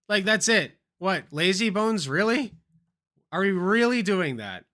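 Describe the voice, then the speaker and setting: Man, streamer, reaction rant, swearing, lively swooping pitch. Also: a little slow. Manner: exasperated, swearing, theatrical rants. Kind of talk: live reaction commentary.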